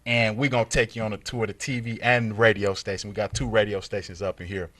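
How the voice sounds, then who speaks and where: A man hosting a TV talk show in a studio, telling stories in an animated, slangy way and acting out the scenes. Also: fairly low pitch, fast talker. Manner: animated, slangy storyteller who acts out scenes. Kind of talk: casual studio chat. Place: TV station studio.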